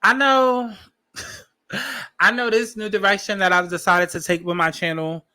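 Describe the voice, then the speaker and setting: Sassy high-voiced man ranting bluntly. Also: fairly even intonation, pushed and bright. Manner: emphatic with drawn-out words. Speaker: podcast host. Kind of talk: opinionated commentary.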